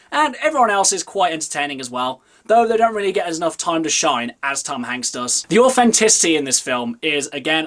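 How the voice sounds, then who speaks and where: A man giving a casual spoken movie review, chatty, with emphatic jumps up in pitch on key phrases. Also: fairly bright tone. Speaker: film reviewer.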